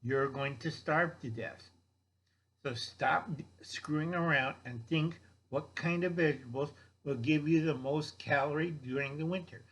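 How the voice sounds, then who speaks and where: An older man lectures bluntly on survival gardening, his voice sitting a bit higher than most men's. He rambles, repeats himself and keeps checking that his listeners follow. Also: unhurried, fairly bright tone. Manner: blunt, lecturing, repeats "okay?" and mocks others in put-on voices. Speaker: survival vlogger. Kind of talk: rambling instructional monologue.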